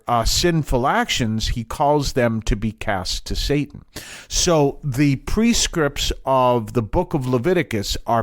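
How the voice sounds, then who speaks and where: A man's voice: mid-range voice, no echo. Man rambling through a Bible lesson. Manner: thinking aloud, digressive, with many fillers and restarts. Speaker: Bible teacher. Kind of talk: informal Bible teaching talk.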